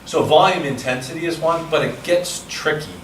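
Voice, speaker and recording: Speaking at a moderate pace in a slightly high voice, a male speaking coach runs a seminar lecture on measurements, chatty and explanatory, taking questions as he goes. The recording is distant, in an echoey seminar room with background noise.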